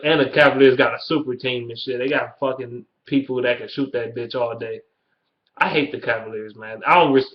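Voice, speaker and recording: A young man in his early twenties with a Detroit accent, ranting bluntly and swearing constantly in a casual video. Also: medium pitch. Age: early 20s. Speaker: YouTuber. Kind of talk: profane casual rant. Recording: dull lo-fi webcam audio.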